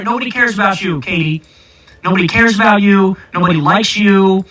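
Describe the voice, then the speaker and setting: A man's voice: sits high, a little fast, sharp tone, rough recording. A man hosting a podcast, ranting about politics in a heated, sarcastic and profane way. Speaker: podcast host.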